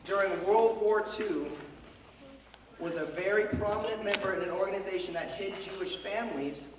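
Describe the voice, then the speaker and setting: A man's voice: high-pitched, normal speed, background noise. A man who is losing his voice, giving a devotional talk to a group of young people, telling a story and asking the crowd questions. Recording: echoey hall, speaker far from mic.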